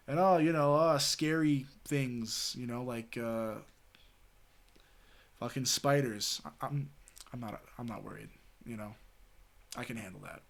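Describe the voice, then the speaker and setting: Rambling man chatting on a live stream. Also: medium pitch. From Southwestern United States. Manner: rambling, full of "you know" and "like", swears freely. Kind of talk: casual chat to a live stream audience.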